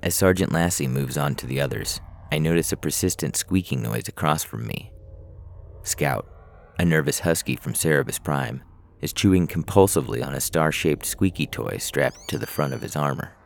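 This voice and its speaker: A man narrating a science-fiction story in a measured, dry storytelling manner. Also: extremely low pitch, creaky.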